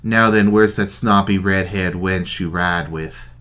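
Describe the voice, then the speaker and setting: A man's voice: sits low, fairly even intonation, measured pace, a bit bright. A man voicing a brutish, menacing male bandit leader in a put-on Kentucky accent, with a gloating drawl. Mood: gloating menace.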